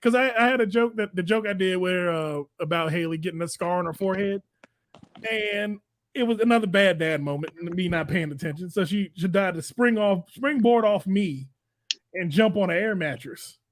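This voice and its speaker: Very high-voiced laughing man host. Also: normal speed. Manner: laughing often, acting out quotes loudly. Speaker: podcast host. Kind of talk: casual comedic storytelling.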